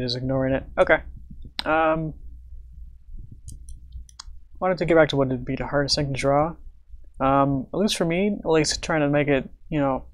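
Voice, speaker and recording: A man chatting casually on his livestream as he draws, thinking aloud, humming to himself and chuckling between remarks. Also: mid-range voice. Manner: thinks aloud, hums and chuckles while he works. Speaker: livestreaming artist. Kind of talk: casual livestream chat while drawing.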